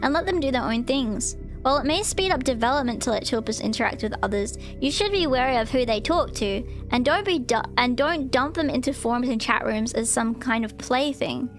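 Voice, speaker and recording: A woman streaming live, reading a guide aloud and chatting hesitantly with many pauses and ums. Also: high voice, animated, faint music behind. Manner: hesitant, full of ums and restarts. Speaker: VTuber streamer.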